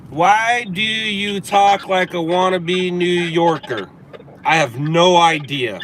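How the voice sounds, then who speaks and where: A man's voice: high voice, slow, fairly bright tone, a little hiss or hum. A man from Southern California hosting a casual livestream, talking back to viewer comments in a sarcastic, riffing way. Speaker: livestream host. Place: in a car.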